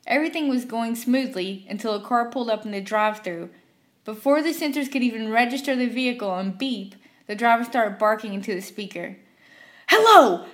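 Woman narrating a workplace story. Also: a little high. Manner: animated, acts out every character.

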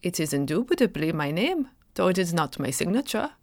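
A man's voice: high voice, sing-song, a little fast, gravelly, no echo, clean studio sound, full character voice. A woman voicing a dignified colonial pastor, bewildered at an accusation, speaking formally and with measure.

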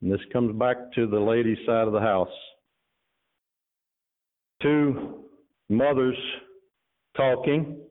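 A man's voice: mid-range voice, slow, pauses often. A man preaching a sermon to his congregation, mixing earnest exhortation with casual asides, then reading a story aloud. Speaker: pastor. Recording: tinny phone-like sound.

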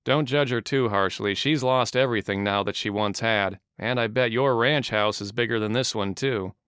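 Soft-spoken sensible man, quiet, smooth tone, dry sound, voiced by a man. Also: lowish voice, moderate pace, dry recording, natural voice.

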